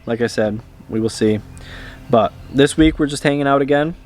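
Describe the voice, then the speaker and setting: A man vlogging in a relaxed, rambling way, with frequent hesitations and fillers. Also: mid-range voice, normal speed. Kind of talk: casual chat to camera.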